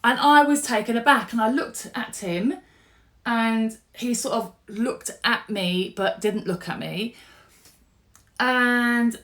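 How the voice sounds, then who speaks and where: A middle-aged woman, telling a personal story to camera in a chatty, animated way. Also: a little high, takes it slowly. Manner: animated, chatty, with fillers and restarts. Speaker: vlogger.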